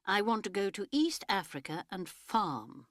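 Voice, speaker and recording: A woman voicing a teenage son who speaks gravely and with cool certainty. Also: mid-range voice, big pitch swings, unhurried, fairly bright tone, dry recording, clean studio sound, pitched above the performer's own voice. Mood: earnest. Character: teenage son, earnest, calm, determined.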